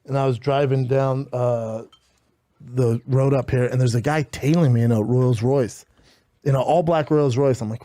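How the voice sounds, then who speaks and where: A man rattles off animated, profane anecdotes in a casual podcast clip, his voice dark and mellow. The sound is dry and close. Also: mid-range voice, a little fast, no room sound. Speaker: podcast guest telling stories.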